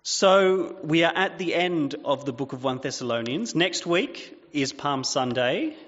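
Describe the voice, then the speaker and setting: A man's voice: on the high side, lively intonation, a little slow, fairly bright tone. A man in his thirties giving a sermon as pastor, in a chatty storytelling way with fillers. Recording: dull sound with long hall reverb.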